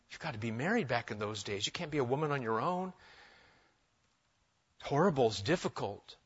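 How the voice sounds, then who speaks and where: A man's voice: mid-range voice, animated, normal speed, pauses often, husky, highs cut off. A man preaching an expository sermon in a conversational way, with joking asides. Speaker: pastor.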